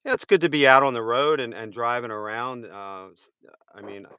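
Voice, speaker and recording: A man's voice: medium pitch, normal speed, sharp tone, clear, resonant tone, no echo. Easygoing man chatting from a roadside. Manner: agreeable, fills in with hesitations. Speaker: co-host guest. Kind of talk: casual live chat. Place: roadside outdoors at night with passing cars.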